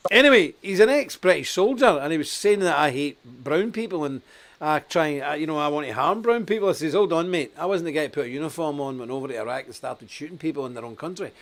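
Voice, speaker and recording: A man's voice: a little high, expressive, fast, a bit bright. A man from Scotland hosting a political talk show, blunt and emphatic, laughing at his own stories.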